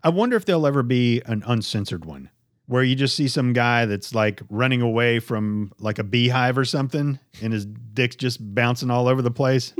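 Podcast co-host, a man with a deadpan crude delivery and a dry close sound. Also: medium pitch, normal speed, no room sound. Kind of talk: casual chat.

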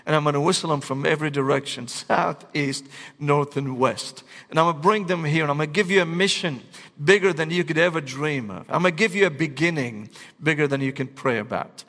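A man's voice: fairly high pitch, brisk, fairly bright tone. A man with an accent voicing God as a commanding male figure, speaking solemn promises. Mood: proclaiming. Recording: long reverb of a large hall.

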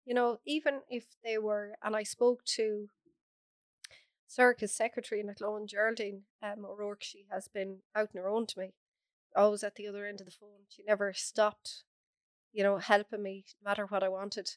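Hoarse, frank Irish woman. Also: medium pitch, little pitch movement, normal speed, no room sound, studio quality. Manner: frank, chatty, laughs often. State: hoarse from a cold. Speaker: guest. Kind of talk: casual interview chat.

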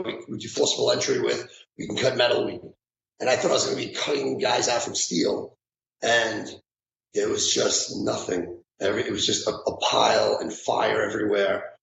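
A middle-aged man, a retired firefighter recalling events in an interview, talking haltingly with many restarts. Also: mid-range voice, gravelly, fairly bright tone. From New York. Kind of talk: emotional interview recollection. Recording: echoey room with faint background noise.

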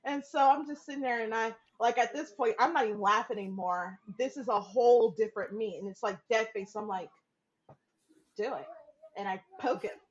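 A woman guesting on a podcast tells a personal story in casual chat, her fairly high voice a little fast with few pauses. She's animated, laughs often, swears freely, and acts out what others said. The audio sounds dull.

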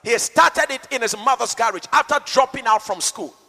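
A male pastor preaches with a high, sharp, forceful voice, rising into shouts and dropping to quiet asides. He is heard in a large church hall with a long reverb, and faint music plays underneath. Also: animated, normal speed. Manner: dynamic, rhetorical, swings between shouting and soft asides. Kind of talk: sermon.

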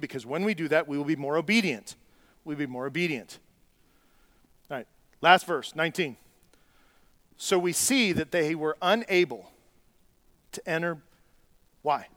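A man preaching a sermon, conversational and earnest, dropping to quiet asides and climbing to loud, rising exhortation. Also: on the high side, no room sound. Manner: conversational preaching with restarts and plain talk. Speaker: pastor.

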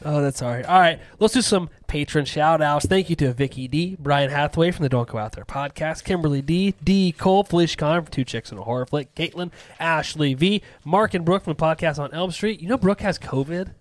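A man's voice: on the high side, dry recording. A man hosting a horror movie podcast, teasing his co-hosts in casual chat. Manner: animated, teasing, quick. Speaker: podcast host.

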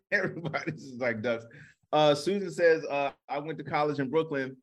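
A man co-hosting a comedy podcast, telling a story in a relaxed, rambling, casual way. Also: fairly high pitch, normal speed. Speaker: comedian co-host.

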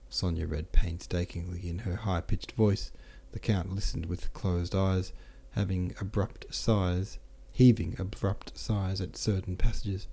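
A man narrating a classic novel as an audiobook, steady and correcting himself now and then. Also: low voice, a little slow, gravelly, hardly any pauses, slightly rough. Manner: steady, with small self-corrections. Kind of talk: audiobook reading.

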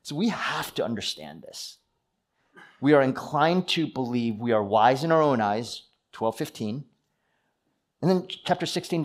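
A man preaching a sermon, earnest, with personal stories and questions to the listeners. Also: mid-range voice. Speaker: pastor.

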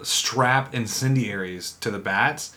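Man, mid-pitched and bright, casual chatty co-host with energetic storytelling and loose swearing. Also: slow pace. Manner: animated storytelling, frequent swearing and laughter. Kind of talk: casual chat.

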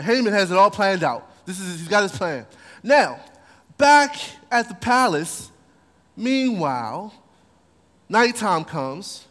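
Playful slangy pastor, wide-ranging high voice, long hall reverb. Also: male voice, fairly bright tone. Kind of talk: sermon storytelling.

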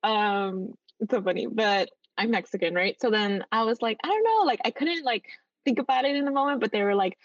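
A woman's voice: fairly high pitch, a little fast, no echo. Chatty woman teacher on a dull line. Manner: chatty, many "like" fillers, lively when quoting students. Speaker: teacher, podcast guest. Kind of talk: casual interview chat.

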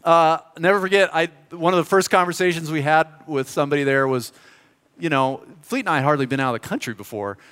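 A middle-aged American man preaching a sermon, telling a story in an animated, joking, conversational way. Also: a little high, fast talker, smooth. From United States. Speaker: pastor. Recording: reverberant hall.

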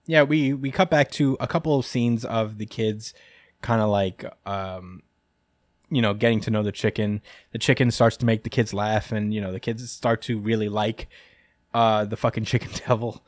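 A man's voice: on the low side, steady tone, a little slow, no room sound. Chill guy podcast host rambling through a recap, laughing a lot, dry close mic. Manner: rambling, lots of ums and laughs. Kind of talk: casual chapter recap chat.

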